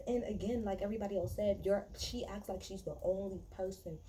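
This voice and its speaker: A woman's voice: mid-range voice, brisk, hardly any pauses, dark tone, slight background noise, rough recording. A woman giving a casual, blunt and profane recap of a reality TV episode, talking in a chatty way with many fillers and restarts. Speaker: reality TV reviewer.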